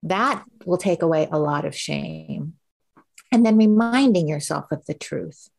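A woman's voice: lowish voice, measured pace, vocal fry. A middle-aged woman telling her story as an interview guest in a candid, conversational way, acting out the voices she quotes. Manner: animated, acts out quoted voices.

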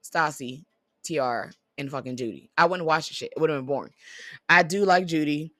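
A woman's voice: low-pitched, brisk, a bit bright, no room sound, studio quality. A woman chatting casually about reality TV, blunt and profane, ranting with lots of energy. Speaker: vlogger.

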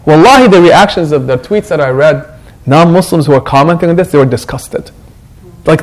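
Animated high-voiced male imam. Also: a little fast, rough recording. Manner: animated, conversational, acts out quotes. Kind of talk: Quran reflection talk to a congregation.

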